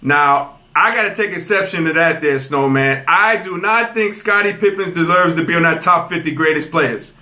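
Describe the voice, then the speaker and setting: A man in his fifties hosting a casual podcast interview, animated and playfully teasing, who laughs often. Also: a little high, normal speed, few pauses. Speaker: host. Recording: echoey room.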